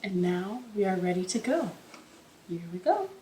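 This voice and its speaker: A woman's voice: medium pitch, very animated, moderate pace, over loud music. A young woman hosting a children's storytime from her living room, chatty and cheerful, laughing at her own slips. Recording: echoey living room with ukulele.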